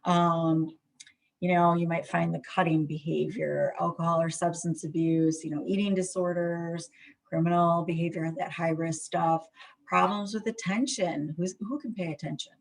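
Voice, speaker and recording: A woman's voice: fairly low pitch, steady tone, moderate pace, vocal fry. A middle-aged woman therapist giving a presentation on trauma in a conversational way, full of fillers and restarts.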